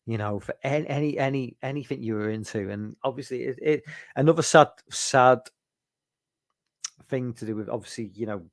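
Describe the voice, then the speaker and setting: Fighting sleep, a tired middle-aged British live streamer rambles through a late-night casual Q&A, swearing and restarting often. His ordinary-pitched voice moves at a moderate pace and sounds dry and close, with no room around it.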